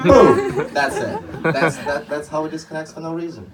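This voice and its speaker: A man's voice: fairly high pitch, unhurried, distant mic, over a noisy crowd, poor audio. A young man doing a stand-up comedy set on a club stage, telling rambling stories with many restarts.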